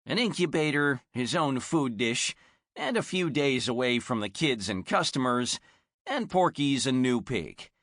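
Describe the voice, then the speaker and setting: A man narrating a children's audiobook in an expressive storytelling manner. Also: mid-range voice, unhurried, no echo, clean studio sound. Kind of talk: scripted narration.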